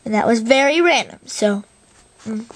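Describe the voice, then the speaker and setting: A woman's voice: on the high side, unhurried. A woman rambling through a casual vlog, self-deprecating and fighting a bad cough. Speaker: video creator.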